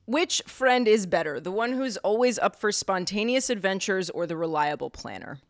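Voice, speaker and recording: A woman's voice: mid-range voice, lively intonation, normal speed, no room sound, studio quality. A woman co-hosting a podcast in casual, chatty and self-mocking talk. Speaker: podcast co-host. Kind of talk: casual chat.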